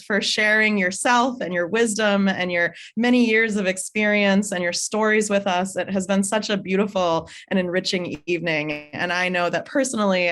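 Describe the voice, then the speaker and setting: Woman host thanking her guest on a zoom call, gracious, lots of ums. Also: fairly low pitch. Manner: gracious, thankful, with soft fillers. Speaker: program host. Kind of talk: hosted online talk closing. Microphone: video call.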